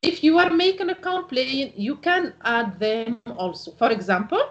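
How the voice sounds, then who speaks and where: A woman teaching an English lesson, explaining phrases slowly and reading out example sentences. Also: high voice, lively intonation, highs cut off. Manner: slow, careful delivery with example phrases read out. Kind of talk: recorded language lesson.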